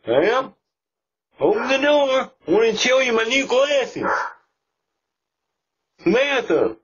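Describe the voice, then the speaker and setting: A man's voice: very high voice, very animated, slow pace, a crowd in the background, heavily acted. A man voicing a whiny, begging father pleading outside a locked door, in a comedic meme video, recorded as muffled lo-fi audio with faint music. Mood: coaxing.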